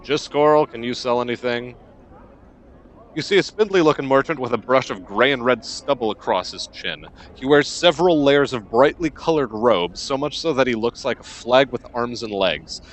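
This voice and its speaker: A man playing a role-playing game, reading its text aloud with low-key remarks. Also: lively intonation, normal speed, few pauses. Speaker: let's player.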